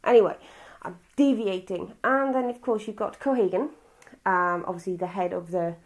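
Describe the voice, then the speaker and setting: A woman's voice: medium pitch, normal speed. Welsh woman, film review vlog, rambly and blunt, swears a bit. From Wales. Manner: rambling, chatty and blunt, with frequent restarts and swearing. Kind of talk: casual spoken film review.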